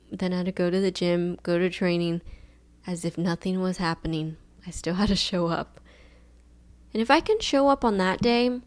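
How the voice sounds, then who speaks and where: A young woman hosting a solo podcast, telling a story in a chill, fairly monotone way, with lots of filler words. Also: on the low side. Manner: chill, laid-back, monotone delivery; rambling with many fillers like "like". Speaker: podcast host.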